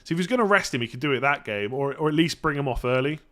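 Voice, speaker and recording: Bright-voiced chatty man. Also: mid-range voice, expressive, rapid-fire. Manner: chatty, self-correcting, clears throat often. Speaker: fantasy football streamer. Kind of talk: casual live-stream Q&A.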